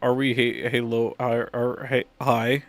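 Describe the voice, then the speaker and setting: In casual stream chat, a man hosting a game livestream speaks in a mid-range voice with a flat delivery and measured pace. He's goofy and rambling, slightly breathless, and keeps greeting his viewers over and over.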